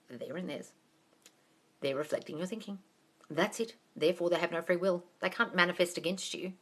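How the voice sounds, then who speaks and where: Woman, live Q&A coach, bright tone, blunt, swears a lot, calls people darling, emphatic. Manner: emphatic, swings between loud excitement and low asides. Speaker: manifestation coach answering viewer questions. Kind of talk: casual live Q&A, reading out comments.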